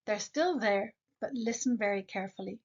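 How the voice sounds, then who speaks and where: A woman teaching an English grammar lesson, slowly modeling example sentences and asking the learner quick questions. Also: medium pitch, highs cut off, noisy background.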